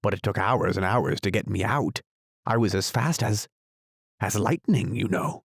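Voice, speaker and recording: A solemn, muddled knight forever musing over strange inventions, voiced by a man reading a storybook. He speaks gravely and thoughtfully in a low, gravelly voice, recorded close and dry. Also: normal speed, no room sound. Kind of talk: audiobook character voice.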